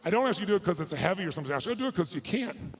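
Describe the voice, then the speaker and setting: A man with a fairly high speaking voice delivers a motivational speech to a live audience on stage. He tells a personal story with emphasis and often moves between quiet, hushed passages and louder, stronger ones. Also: big pitch swings, rapid-fire, low-quality recording.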